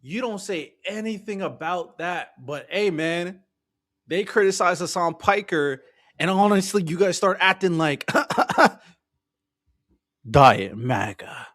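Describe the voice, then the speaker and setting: A man's voice: sits high, a little slow, a bit bright. A man streaming live reaction commentary on politics, ranting heatedly and profanely and mocking people in impressions.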